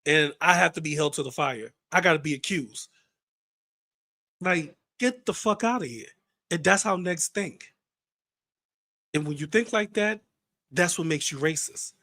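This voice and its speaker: Host, male, high voice, blunt heated rant, dry close sound. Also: a little slow, pauses often, pushed and bright, no echo. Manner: heated, blunt, swears freely. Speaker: commentary channel host. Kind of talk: ranting commentary.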